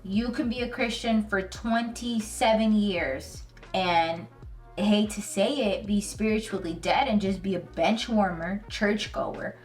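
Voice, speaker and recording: A woman's voice: mid-range voice, unhurried. Woman vlogger, casual slangy Bible talk, earnest and emotional, distant mic, faint music under. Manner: animated, slangy storytelling. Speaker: Christian video host.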